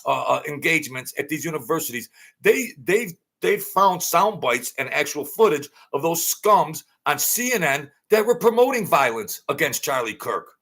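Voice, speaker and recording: A man's voice: a little high, sing-song, moderate pace, a bit bright, breathy edge. A man delivering a blunt, heated, repetitive ranting monologue as an online commentator.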